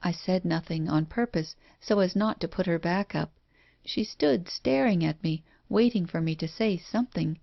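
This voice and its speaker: A woman reading a first-person horror story in a measured, even way. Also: lowish voice, gravelly, no room sound. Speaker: audiobook narrator. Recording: dull dry lo-fi recording.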